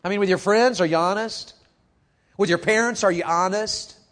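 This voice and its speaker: A man preaching a youth sermon, animated and calling out questions to the crowd, moving from quiet talk to shouting. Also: sits high, moderate pace.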